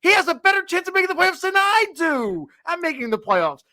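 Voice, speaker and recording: A young man co-hosting a sports podcast, ranting in an animated way with a voice that climbs higher when he gets fired up. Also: a little fast, no echo. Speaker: podcast co-host. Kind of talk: casual sports chat.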